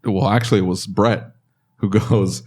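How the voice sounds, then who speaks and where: A man's voice: lowish voice, steady tone, moderate pace, darkish tone. A man co-hosting a podcast, talking in a casual, rambling way as he explains what went wrong with an editing job. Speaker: podcast co-host. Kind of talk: casual chat.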